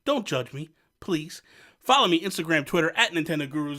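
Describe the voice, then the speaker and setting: A man's voice: fairly high pitch, fairly quick, very noisy. A young man from New Jersey telling a self-mocking story to camera, acting out what others said. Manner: animated, self-mocking, acts out quotes. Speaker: vlogger.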